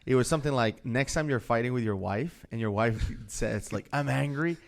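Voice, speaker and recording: A man's voice: mid-range voice, a little fast, gravelly. A man hosting a casual podcast interview, chatting in an easygoing, jokey way and prompting his guest. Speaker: podcast host.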